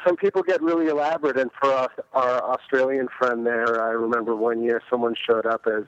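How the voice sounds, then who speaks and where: Guy phoning in, relaxed, giving event info, muffled lo-fi line. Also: mid-range voice, brisk, no echo. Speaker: event organizer calling in. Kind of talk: casual phone call-in. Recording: dull phone-line sound.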